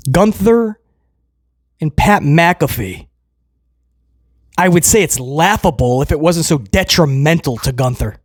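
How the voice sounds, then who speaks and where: A man's voice: on the high side, animated, unhurried, pauses often, dry recording, clean studio sound. A man hosting a casual wrestling commentary show, ranting with sarcasm and mocking people in put-on voices.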